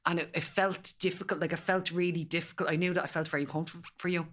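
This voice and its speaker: A woman with a Dublin Irish accent speaks in a low voice as a podcast guest. She talks in an emphatic, colloquial way, telling stories with plenty of back-and-forth. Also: steady tone, racing, a bit bright. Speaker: guest, empowerment specialist. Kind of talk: casual podcast chat.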